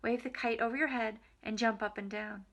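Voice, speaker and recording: A woman's voice: on the high side, fairly even intonation, brisk, gravelly, a bit bright. A woman reading aloud as Frog, a patient, hopeful male storybook frog.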